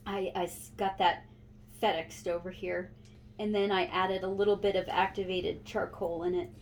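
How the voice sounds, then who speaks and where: A woman's voice: medium pitch, normal speed, slight background noise. A woman hosting a podcast in casual chat, telling a story with lots of laughter. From Montana. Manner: giggly, animated storyteller. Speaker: podcast host.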